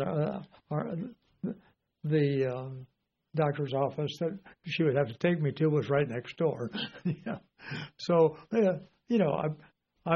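An older man preaching in a relaxed, folksy way, wandering through stories with plenty of "uh" and "you know". His voice sits a bit high for a man. The recording sounds dull and lo-fi. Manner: rambling, folksy, many fillers. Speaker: Bible teacher. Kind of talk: informal sermon.

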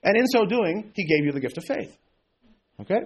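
A man's voice: high-pitched, very animated, brisk, breathy edge. Blunt, sarcastic man preaching a sermon. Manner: blunt, sarcastic, folksy asides; mocks emotional prayers in exaggerated voice. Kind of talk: informal sermon.

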